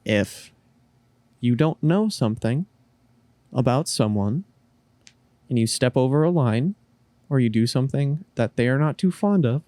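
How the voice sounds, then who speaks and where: A man's voice: medium pitch, lively intonation, moderate pace, long pauses, mellow, no echo. Earnest man on a podcast mic. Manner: earnest, explains with everyday examples. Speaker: podcast co-host. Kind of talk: casual chat. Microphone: podcast microphone.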